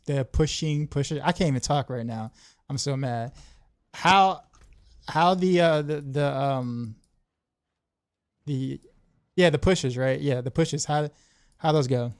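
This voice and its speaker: A man chatting on a game livestream, his voice sitting a little high for a guy. He talks in an excitable, rambling flow, stumbling and restarting his sentences. The sound is close and dry, with no room behind it. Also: clear, resonant tone, dry recording. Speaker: game streamer. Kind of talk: casual livestream chat.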